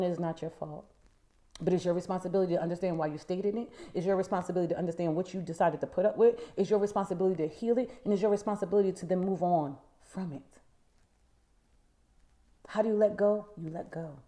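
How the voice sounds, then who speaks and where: A woman life coach giving a preachy motivational talk, repeating her key phrases with force and then dropping to quiet, low asides.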